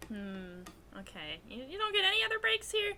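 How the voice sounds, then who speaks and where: A woman's voice: very high voice, very animated, moderate pace, bright, forceful tone, slight background noise, voice pushed up, full character voice. A woman playing an awkward, friendly woman who hesitantly tries to make small talk.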